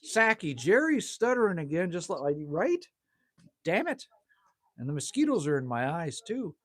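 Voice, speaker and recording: A laid-back man chats with viewers on a livestream from outside his cabin in the evening. His voice is husky, and his pitch swings a lot as he talks. The sound is dry and close, with little room echo. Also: very animated, normal speed, fairly bright tone. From Manitoba, Canada. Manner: laid-back and chatty, teases himself, swears lightly, says "man" often. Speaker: livestream host. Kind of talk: casual livestream chat reading viewer comments.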